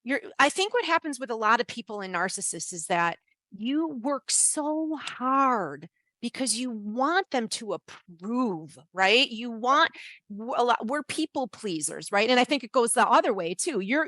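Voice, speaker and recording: A woman's voice: on the high side, expressive, unhurried, sharp tone, dry recording. A woman cohosting a podcast, giving casual advice in a rambling way with lots of restarts and fillers. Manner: rambling, many restarts and "you know"s.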